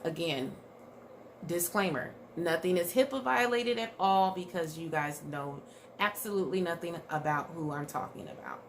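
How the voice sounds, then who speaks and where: A woman's voice: fairly low pitch, moderate pace, slight background noise. A woman mental health therapist talking candidly to her viewers in a loose, conversational way, with plenty of fillers and restarts. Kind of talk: casual talk to camera.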